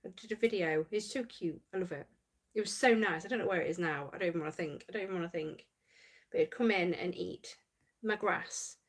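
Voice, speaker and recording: A woman's voice: fairly low pitch, a little fast. Giggly woman hosting a livestream. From United Kingdom. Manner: chatty, giggly, reads viewer comments aloud. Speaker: livestream host reading chat. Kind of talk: casual livestream chat.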